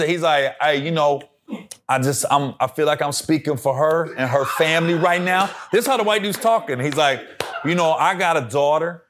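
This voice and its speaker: A man's voice: a little high, a little hiss or hum. A comedian telling stories in casual podcast chat, acting out voices and laughing as he goes. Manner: animated storyteller, acts out voices and laughs. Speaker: comedian guest.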